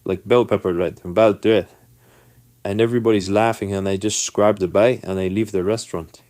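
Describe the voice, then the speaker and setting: Deep-voiced guy telling a story to camera, english not his first language, dry close sound. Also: brisk, no room sound. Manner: animated, acts out the people in his story. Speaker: vlogger telling a personal story.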